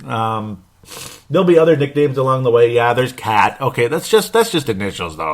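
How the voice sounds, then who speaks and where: A man's voice: mid-range voice, big pitch swings, moderate pace. A man hosting a sports podcast, rambling and blunt, with mild swearing and frequent chuckles. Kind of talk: casual sports commentary podcast.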